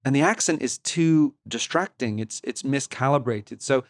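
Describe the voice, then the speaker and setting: Analytical man with halting restarts. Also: medium pitch, no room sound. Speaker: podcast co-host. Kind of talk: casual film discussion.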